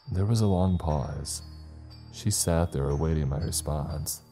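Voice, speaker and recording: A man's voice: very deep voice, measured pace, mellow, soft background music. A man narrating a scripted first-person horror story in an uneasy, rambling, confessional way.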